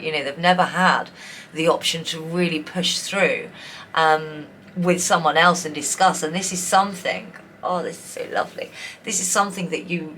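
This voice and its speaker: A woman's voice: low voice, a bit bright, slight background noise. A woman giving a tarot reading, emotional and tearful, rambling with many restarts. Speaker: tarot reader. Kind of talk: pick-a-card tarot reading.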